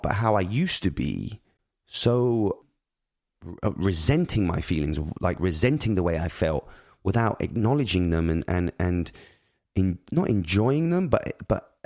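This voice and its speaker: A man's voice: low voice, darkish tone, dry recording, clean studio sound. A father speaking in an earnest, reflective monologue on parenting, rambling with many restarts and repeated words.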